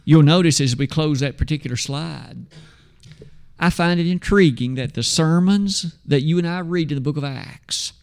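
A man preaching a sermon, emphatic, asking rhetorical questions and slowing down to stress scripture. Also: fairly high pitch, gravelly, darkish tone, clear, resonant tone.

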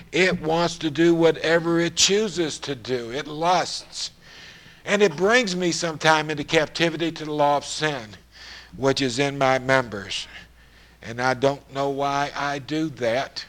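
A man preaching a sermon, whose voice swells to loud, emphatic passages. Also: fairly high pitch.

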